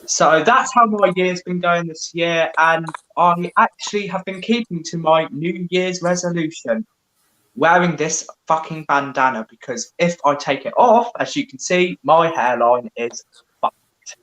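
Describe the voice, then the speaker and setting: A man's voice: fairly high pitch, a little slow, fairly bright tone. A man doing a casual stand-up set at home during lockdown, swearing a lot. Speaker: comedian. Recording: echoey room.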